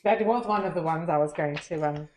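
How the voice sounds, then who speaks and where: A woman co-hosting a casual podcast chat, playful and quick to laugh. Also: sits low, a little mellow. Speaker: podcast co-host.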